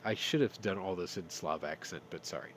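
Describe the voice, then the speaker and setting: Low-voiced sarcastic man reading news. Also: a little fast, a little hiss or hum. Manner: sarcastic, swears, reads news then jokes. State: stuffy from sinuses. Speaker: news commentary host. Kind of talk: casual news roundup with commentary.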